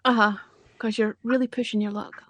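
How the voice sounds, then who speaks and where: High-voiced Scottish woman, dry banter. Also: fairly even intonation, a little fast, no room sound. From Scotland. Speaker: chat guest. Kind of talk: casual banter.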